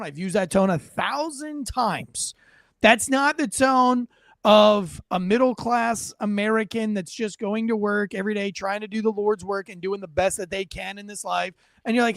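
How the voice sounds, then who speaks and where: Man, middle-aged, profane, animated commentary, dry close sound. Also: high-pitched, dry recording. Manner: blunt, profane, animated storytelling. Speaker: host reacting to police footage. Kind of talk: casual commentary.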